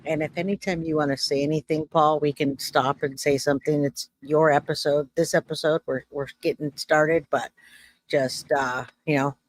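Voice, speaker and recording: A man's voice: on the high side, steady tone, normal speed, no room sound. Easygoing man hosting a podcast. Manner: loose, stumbling over words. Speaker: podcast host. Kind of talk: casual interview.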